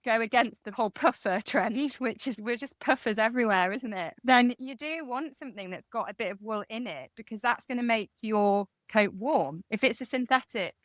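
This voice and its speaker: A woman's voice: a little high, normal speed, hardly any pauses, no room sound. A woman with a Midlands accent, a guest designer chatting casually on a podcast, rambling and self-deprecating with lots of restarts. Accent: English Midlands.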